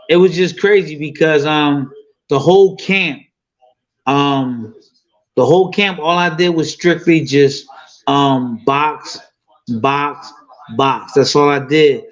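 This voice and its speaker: A man's voice: a little high, muffled recording. A man in his fifties telling a fight story in loose, profane casual talk full of fillers. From United States. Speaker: boxing guest.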